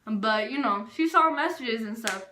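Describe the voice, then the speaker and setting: A young woman casually telling a storytime vlog, animated and full of filler words. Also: on the high side, normal speed, echoey room, background noise. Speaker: vlogger.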